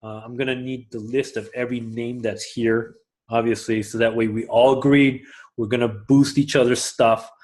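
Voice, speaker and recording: A man teaching a live class to a room of people, energetic and often checking that everyone is following. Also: normal speed. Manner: energetic, swings loud and high when excited; asks the room for agreement. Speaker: class instructor.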